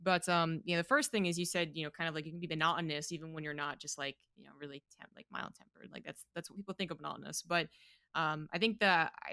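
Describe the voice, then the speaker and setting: A woman with a low-pitched but bright voice, recorded close and dry. She hosts a casual podcast and reflects on her guest's points with a loose, conversational manner. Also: dry recording. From United States. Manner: reflective, conversational, trails with fillers. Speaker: podcast host.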